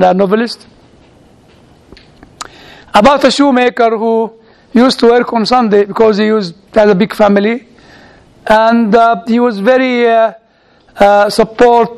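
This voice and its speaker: A man, a priest, gives a storytelling sermon in a halting way, with frequent restarts and playful asides. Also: sits high, gravelly, a little mellow.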